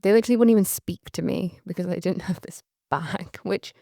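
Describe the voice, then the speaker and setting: A young woman with a light Northern English accent telling a candid, rambling story, full of fillers and quick laughs. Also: fairly low pitch, vocal fry, warm tone, dry recording, studio quality. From Northern England. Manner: chatty, rambling, laughs often, many "like" fillers. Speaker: photographer recalling her career. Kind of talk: candid anecdotal monologue.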